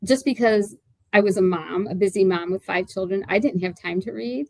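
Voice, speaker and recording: A woman's voice: mid-range voice, normal speed, gravelly, no room sound, low-quality recording. A woman in her sixties, an author being interviewed, talking in a chatty, rambling way with lots of fillers and restarts. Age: 60s. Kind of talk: casual interview chat.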